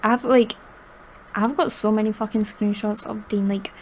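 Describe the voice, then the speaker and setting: A woman's voice: mid-range voice, steady tone, moderate pace, a little hiss or hum. A woman on a casual podcast, giggling and swearing freely as she chats. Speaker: podcast co-host. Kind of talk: casual chat.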